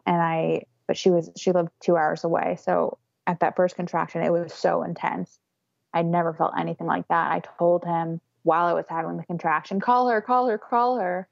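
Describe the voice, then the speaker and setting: A woman's voice: fairly low pitch, creaky, no room sound, muffled recording. A young woman casually telling a candid story, often laughing as she talks. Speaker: guest telling her birth story. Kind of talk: casual conversation.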